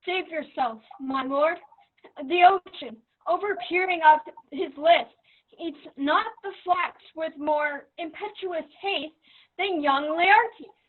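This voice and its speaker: A woman's voice: very high-pitched, slow. A woman playing a palace messenger giving an urgent report in verse. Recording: tinny phone-like line.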